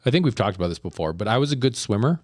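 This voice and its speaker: Podcast host guy, low voice, jokey and laid back, dry close sound. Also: very animated, rapid-fire, no room sound. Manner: joking, easygoing. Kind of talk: casual chat.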